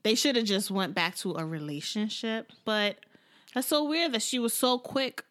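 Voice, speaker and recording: A woman's voice: a little high, normal speed, a bit bright. A woman co-hosting a casual chat about a reality show, laughing and mimicking the people she talks about. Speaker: podcast co-host recapping a reality show.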